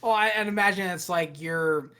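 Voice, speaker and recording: A man running a cyberpunk tabletop game as game master, narrating scenes in a steady, descriptive way with pauses. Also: high-pitched, clear, resonant tone.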